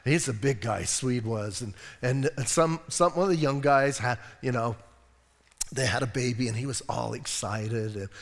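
A man's voice: medium pitch, moderate pace, vocal fry, in a large hall. A man with an American accent preaching a sermon as pastor, telling stories with jokes and asides. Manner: animated storytelling with jokes and asides. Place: church sanctuary.

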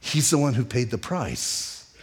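A man preaching a conversational sermon as a pastor, telling stories and asking rhetorical questions, slowing down to stress key lines. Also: mid-range voice, animated, husky. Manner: emphatic, slows down on key phrases. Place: church sanctuary. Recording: long hall reverb.

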